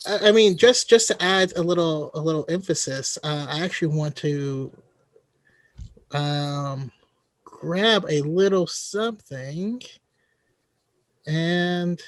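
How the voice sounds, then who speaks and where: A man hosting a podcast who talks slowly and hesitantly, with plenty of fillers. His voice sits a little high for a man. He is recorded close and dry. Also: no echo. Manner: hesitant, apologetic, many fillers. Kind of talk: casual podcast discussion.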